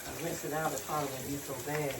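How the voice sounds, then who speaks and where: A woman in her sixties with a soft, low way of talking, chatting casually as she cooks in her home kitchen, recorded on a phone. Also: little pitch movement, fast talker, heavy background noise. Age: 60s. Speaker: cooking vlogger. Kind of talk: casual chat while cooking.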